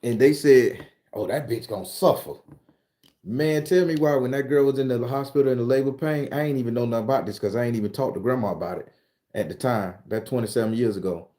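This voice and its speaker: A man from Florida, hosting a casual live chat and telling stories in a profane, animated way. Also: mid-range voice, quick pace. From southern Florida. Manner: profane, animated storyteller reading out viewer comments. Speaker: host.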